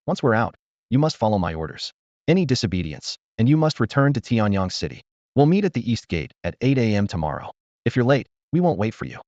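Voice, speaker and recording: A man's voice: medium pitch, big pitch swings, brisk, a little mellow, dry recording, close to an everyday voice. A man voicing a cold, stern young female squad captain who gives curt orders. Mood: commanding. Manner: icy, curt, commanding. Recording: dull lo-fi dry recording.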